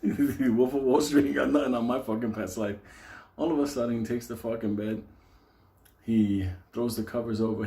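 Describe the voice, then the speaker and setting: Mellow-voiced man telling a profane story. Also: medium pitch. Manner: animated, swears constantly, laughs through his story. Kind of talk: casual profane anecdote telling.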